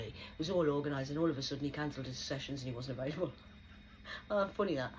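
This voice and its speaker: Low-voiced woman ranting, swearing. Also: rapid-fire, a little hiss or hum, rough recording. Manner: agitated, swearing, rambling. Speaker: vlogger. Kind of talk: unscripted angry monologue to camera. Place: small rented room.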